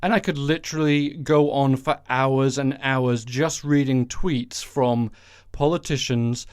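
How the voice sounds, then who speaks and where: A man's voice: mid-range voice, clean tone, no echo, studio quality. A man hosting a solo podcast, ranting casually with sarcastic, sweary, rambling asides. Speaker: podcast host. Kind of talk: casual solo political rant.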